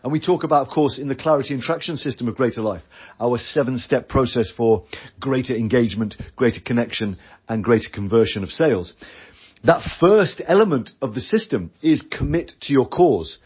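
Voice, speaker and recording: A man's voice: medium pitch, expressive, brisk, husky, muffled recording. A British man hosting a solo business podcast, talking earnestly and acting out quoted voices. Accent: British English. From Britain. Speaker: podcast host. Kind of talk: solo podcast coaching talk.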